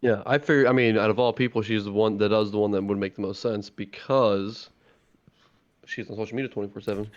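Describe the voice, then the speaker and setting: A man's voice: on the low side, fairly even intonation, a little fast, no echo, lo-fi sound. A man co-hosting a casual podcast, laid-back and agreeable, often answering in short replies. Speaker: podcast co-host. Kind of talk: casual chat.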